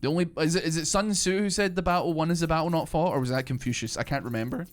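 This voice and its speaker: A man's voice: a little high, racing. A young British man streaming a game, chatting loosely with viewers and rambling with lots of fillers and restarts. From Britain. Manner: rambling, filler-heavy, restarts mid-thought. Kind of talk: live gameplay commentary, chatting with viewers. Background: faint game music.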